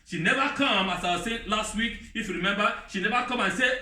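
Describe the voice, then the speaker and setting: A man preaching a sermon in non-native English with broken grammar, lively, mimicking other voices in a high pitch. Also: quick pace, few pauses. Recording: roomy hall, voice from a distance.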